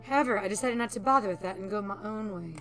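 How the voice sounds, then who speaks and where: A woman's voice: mid-range voice, fast talker, fairly bright tone, faint music behind, lightly acted. A woman reading as a courteous undead archivist. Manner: courteous, old-fashioned phrasing. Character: ancient polite undead male archivist.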